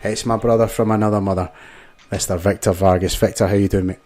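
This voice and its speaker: A man's voice: fairly low pitch, fairly even intonation, fast talker, a little mellow. A man hosting a casual panel show, reading sponsor spots and calling his guests mate. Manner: chummy, calls guests mate and amigo. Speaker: podcast host.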